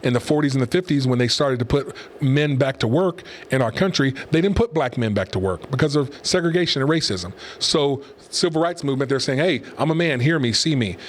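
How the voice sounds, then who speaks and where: Opinionated man hosting a casual talk show. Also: mid-range voice. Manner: rambling, opinionated, conversational. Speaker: host and pastor. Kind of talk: casual commentary podcast.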